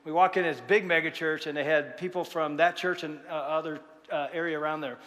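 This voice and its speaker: Man, pastor, sermon, bright forceful tone, storytelling, long church reverb. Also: fairly high pitch, a little fast. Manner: lively storytelling, jokes with congregation. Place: large church sanctuary.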